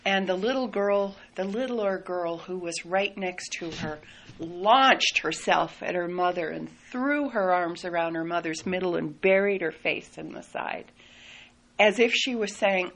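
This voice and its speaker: A woman telling a personal story in a soft, reflective way, often laughing lightly. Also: on the low side, unhurried, rough recording. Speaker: speaker sharing a personal story.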